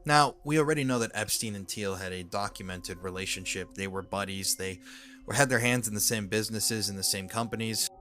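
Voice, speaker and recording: A man with a bright, forceful voice pitched a little low talks through a string of emails, earnest and indignant. Faint music sits under his voice. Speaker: commentator. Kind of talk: online commentary video.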